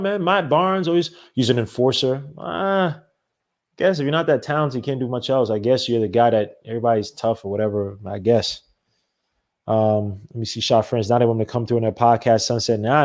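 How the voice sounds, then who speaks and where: A man hosting a sports podcast, ranting in a rambling, animated way with many restarts. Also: mid-range voice. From not from the American South. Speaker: podcast host. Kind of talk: casual solo sports talk.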